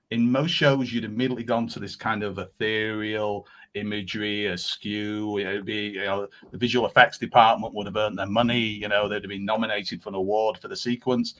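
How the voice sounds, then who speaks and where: A man's voice: fairly low pitch, a bit bright. A man appearing as a guest on a podcast, chatting enthusiastically and rambling with frequent restarts. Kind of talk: casual podcast chat.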